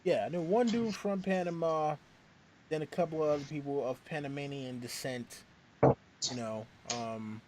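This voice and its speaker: A man hosting a casual chat, rambling and animated, with many restarts. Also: a little high, normal speed, slight background noise. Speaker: show host.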